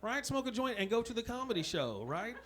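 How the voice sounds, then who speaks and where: A man's voice: very high voice, very animated, fairly quick, fairly bright tone. A man doing a stand-up comedy set on a club stage, with loose, laughing, punchy banter toward the crowd. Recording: noisy live club recording.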